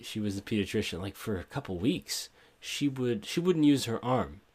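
A man's voice: on the low side, expressive, moderate pace, darkish tone, slightly rough. A man co-hosting a casual podcast, chiming in with short jokes and laughs. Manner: short joking interjections, laughs often. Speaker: podcast co-host. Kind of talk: casual chat.

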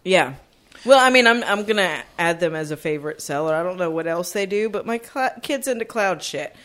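A woman's voice: on the low side, a little fast. Laughing, sweary woman telling stories. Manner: laughs often, swears freely, animated storytelling. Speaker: podcast co-host. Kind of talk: casual chat.

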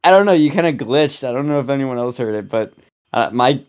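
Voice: mid-range voice, expressive, fairly quick, very noisy. Teasing podcast co-host. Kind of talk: casual group podcast chat.

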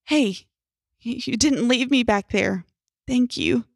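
A woman's voice: a little high, takes it slowly, creaky, no echo, clean studio sound, exaggerated voice. A woman voicing a drugged, loopy young man, groggy but coherent, in a horror story reading.

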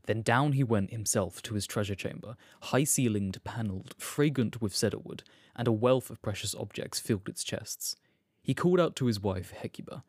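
A man narrating an epic poem as a measured, solemn audiobook reading. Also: fairly low pitch, darkish tone, husky, no echo, clean studio sound.

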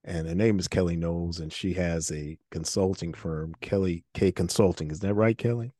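A middle-aged man hosts a faith-based interview podcast, speaking earnestly and often repeating words as he restarts. His voice is low-pitched, steady and dark at a normal speed, captured in a dry, clean studio recording.

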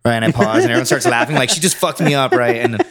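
A man with a middling voice, a stand-up comedian who tells long, rambling stories in loose podcast chat. He swears freely and slips into the voices of the people in his stories. He talks at an even, unhurried pace. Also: medium pitch, a loud crowd. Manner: rambling, profane, acts out quotes. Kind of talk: casual storytelling chat.

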